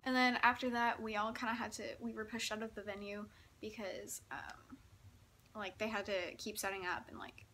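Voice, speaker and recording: A woman's voice: on the high side, fairly bright tone, slight background noise. A young woman from Texas telling a story in a chatty vlog, giggling often and saying "like" a lot. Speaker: vlogger.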